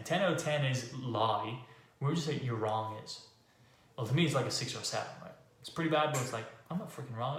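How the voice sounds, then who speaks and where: A man hosting a podcast, talking through a casual motivational monologue with emphatic rhetorical questions. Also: medium pitch. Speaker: podcast host. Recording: echoey room with faint ambient noise.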